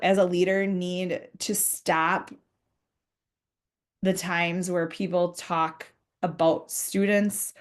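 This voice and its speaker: A woman's voice: on the low side, darkish tone. A woman giving a conversational professional development talk to school leaders, earnest, acting out short example dialogues.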